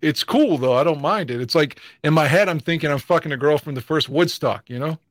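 A middle-aged man in loose, crude podcast banter, swearing freely and rambling through fillers. His voice sits a bit high for a man. The sound is close and dry, with no room around it. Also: a little fast, no echo. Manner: blunt, profane, rambling with many fillers. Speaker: podcast co-host.

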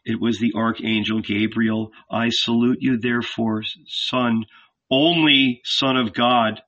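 A man voicing a calm, insistent male archangel who speaks as an inner voice, measured and commanding, on a dull lo-fi recording. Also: mid-range voice.

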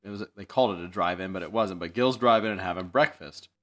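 A man's voice: sits low, fast talker, fairly bright tone. A man, co-hosting a podcast in casual chat who explains things and chimes in on his friend's stories. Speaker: podcast co-host.

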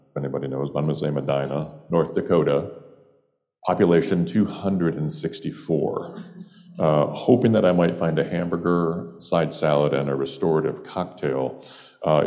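A man's voice: very deep voice, dark tone, long reverb tail. A man from upstate New York telling a humorous personal story in a wry, meandering way with playful digressions. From Jamestown, New York, US.

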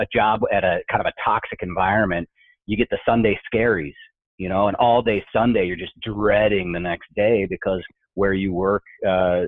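A man's voice: fairly low pitch, no room sound. A man casually chatting as a workplace humor speaker, telling anecdotes and acting out the voices in them. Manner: animated storyteller, acts out quoted voices. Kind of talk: casual podcast conversation. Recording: tinny phone-like line, dry.

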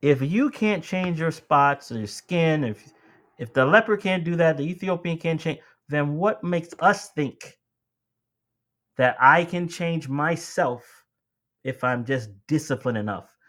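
A man preaching a sermon with a slightly higher voice than most men. He talks to his listeners like friends, pushes his key lines up with emphasis, and then drops back to a calm, conversational tone. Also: a little slow. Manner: addresses listeners as beloved and friends.

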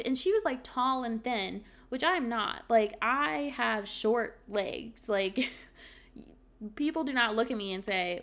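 Reading from her journal with plenty of ums and likes, this young solo podcast host chats candidly. She has a medium-pitched, fairly bright voice.

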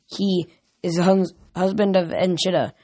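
A reader doing a gruff, grumbling messenger god. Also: medium pitch, level tone, normal speed, a little mellow, natural voice. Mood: stern.

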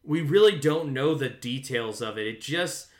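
A man's voice: medium pitch, animated, moderate pace. A man co-hosting a casual podcast, joking bluntly and swearing freely. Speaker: podcast co-host. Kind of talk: casual rewatch podcast chat.

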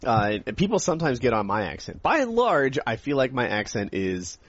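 A man with a general American accent chatting casually as a podcast co-host, excitable and quick to burst into surprise. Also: medium pitch, no echo. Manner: excitable, jumps to loud surprise. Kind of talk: casual chat. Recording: dull lo-fi dry recording.

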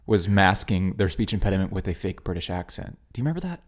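A middle-aged man co-hosting a podcast, chatting in a relaxed, easygoing way. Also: deep voice, quick pace. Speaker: podcast co-host. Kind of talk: casual chat.

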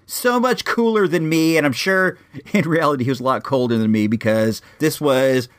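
A man in his forties, from Illinois, telling a casual personal anecdote with frequent restarts and lively asides. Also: a little high, normal speed, no echo. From Illinois, USA. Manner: rambling, frequent restarts, animated. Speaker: storyteller.

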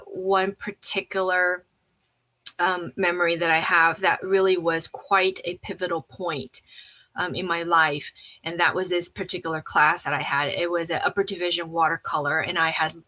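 A woman guest telling a personal story in an animated way, acting out the voices of people she quotes, with frequent fillers and restarts. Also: on the low side, moderate pace, rough recording. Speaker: interview guest.

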